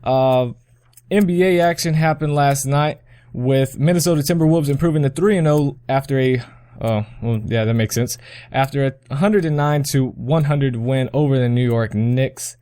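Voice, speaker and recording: A man's voice: medium pitch, moderate pace, dark tone, clean tone, dry recording, studio quality. A young man hosting a casual sports podcast, rambling through scores, correcting himself and chuckling often. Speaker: podcast host.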